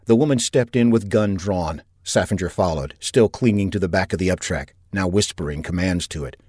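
A man narrating a science fiction audiobook in a steady, even storytelling manner on a close mic. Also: low voice, brisk, breathy edge, no room sound. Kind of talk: scripted narration.

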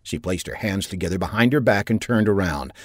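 A man narrating a science fiction audiobook in a steady, even storytelling manner on a close mic. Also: sits low, fairly quick, no echo. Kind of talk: scripted narration.

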